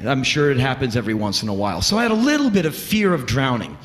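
A middle-aged man telling a story on a live stage, animated and profane, breaking into shouts. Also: mid-range voice, fast, few pauses. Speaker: spoken-word comedian. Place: stage in a large venue. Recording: echoey hall with faint room noise.

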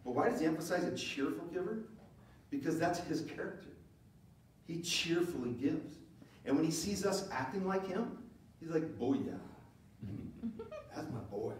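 A male pastor delivering a lively sermon in a slightly high voice. He swings from loud, emphatic declarations to hushed asides. The sound bounces around a very echoey hall, picked up from some distance. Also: moderate pace, a little hiss or hum. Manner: animated, swings from loud emphatic lines to low quiet asides. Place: church sanctuary.

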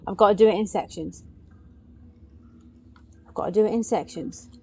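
A woman giving gaming commentary, excitably urging her character on and yelping at scares. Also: mid-range voice, moderate pace, husky. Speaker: let's play gamer.

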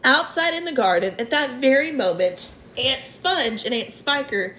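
A woman reading a children's book aloud with expressive storytelling. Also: high-pitched, a little slow, a little hiss or hum. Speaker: reader.

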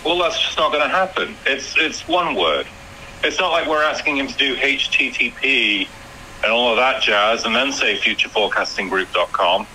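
Bright, dry-voiced man on a call. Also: medium pitch, animated, normal speed, slight background noise, poor audio.

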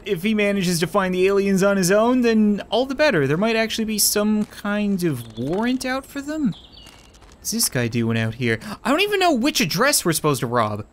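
Gameplay commentator, sarcastic and joking; voice swings widely in pitch. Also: a bit bright, slight background noise. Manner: joking, sarcastic, quick asides to game characters. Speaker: gaming YouTuber.

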